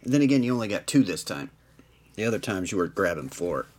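A man's voice: on the low side, big pitch swings, a little mellow. A man hosting a live trading card break, reading out players and numbers with dry asides. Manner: unhurried, reads off card numbers with dry jokes.

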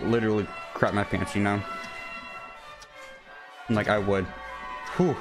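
Excitable young man narrating gameplay. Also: on the low side. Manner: excitable, yells and whines when failing. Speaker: gaming channel host. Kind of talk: live gameplay commentary.

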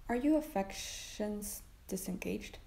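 A woman voicing a brooding aristocratic nobleman, reading his lines in a measured, grave way. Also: mid-range voice, expressive, creaky, dark tone, echoey room.

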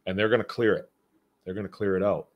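Relaxed low-voiced middle-aged homestead host. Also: male voice, quick pace, muffled recording. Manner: rambling, relaxed and conversational, with many restarts. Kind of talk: casual live-show talk reading listener comments.

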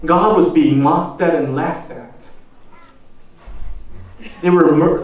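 A male pastor preaches slowly and with weight, leaving space between his phrases. His voice sits a little high for a man and sounds set back from the microphone. It carries through a very echoey church sanctuary. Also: darkish tone, distant mic. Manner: slow, deliberate preaching with rhetorical questions. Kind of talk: sermon. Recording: echoey church hall, voice from off the mic.

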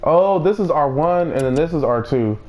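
A man playing a video game, talking to himself, swearing often and reacting loudly to the action. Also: a little high, moderate pace, highs cut off, faint music behind. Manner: excitable, swears a lot, talks to himself. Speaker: let's play gamer. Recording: noisy recording.

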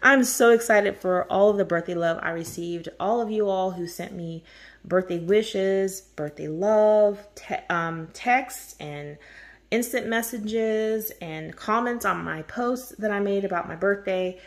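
A woman's voice: medium pitch, measured pace. A woman hosting a coloring channel, chatting casually and gushing over her birthday gifts with frequent laughter. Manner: gushing, effusive, laughs often.

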